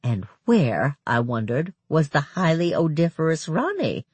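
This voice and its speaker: An audiobook narrator reads a first-person novel in an expressive storytelling manner. The voice is husky and breathy, with a lively, wide-ranging pitch, recorded close and dry. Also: moderate pace, no echo.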